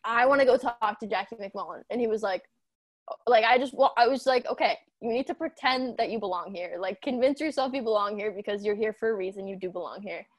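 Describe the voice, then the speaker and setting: A woman in her twenties chatting casually on a podcast, telling animated stories with lots of "like". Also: medium pitch, a little fast, dry recording. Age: 20s. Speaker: sports journalism intern.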